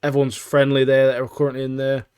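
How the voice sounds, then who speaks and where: An upbeat male co-host at an ordinary mid pitch. He chats casually and plugs the show with easy enthusiasm. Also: completely flat delivery, fast talker, a little mellow, clean tone. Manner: upbeat, plugging the channel. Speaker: podcast co-host. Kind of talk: casual chat.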